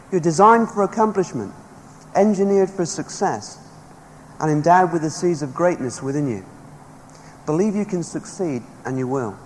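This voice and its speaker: A man's voice: on the high side, darkish tone. A man giving an emphatic motivational seminar speech to a live audience, rallying them with stories. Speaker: motivational speaker. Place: large hall with a live audience. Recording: echoey hall, faint background noise.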